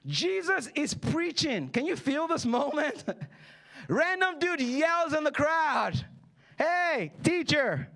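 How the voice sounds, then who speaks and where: A man's voice: extremely high pitch, sing-song, slow, vocal fry, sharp tone. A man in his thirties preaching a sermon in church, joking with the congregation and acting out the people in his stories. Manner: playful, jokey preaching with acted-out quotes. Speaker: pastor. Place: church hall.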